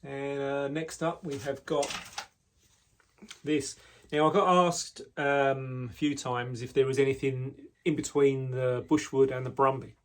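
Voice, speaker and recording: A male craftsman walks through his handmade knives in a laid-back, unhurried way, pausing often with ums and restarting his sentences. His voice sits at an ordinary middle pitch for a man. He is talking indoors in his workshop. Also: steady tone. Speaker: knife maker. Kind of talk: casual product walkthrough.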